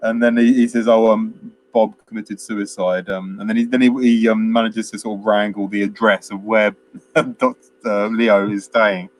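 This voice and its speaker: A man's voice: on the low side, level tone, moderate pace, a little hiss or hum, poor audio. A man co-hosting a film chat, casually retelling a plot in a rambling way with lots of fillers and chuckles. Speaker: film podcast co-host.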